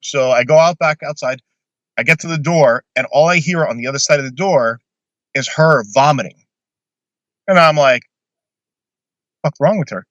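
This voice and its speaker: A man's voice: on the high side, normal speed, long pauses, fairly bright tone, no room sound, dull audio. A man casually telling a long personal story on a podcast, blunt and swearing freely.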